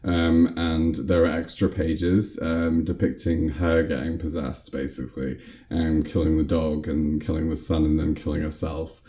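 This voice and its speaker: Deep-voiced man rambling through a film recap. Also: level tone, moderate pace, dark tone. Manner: rambling, lots of fillers. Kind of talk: casual film recap chat.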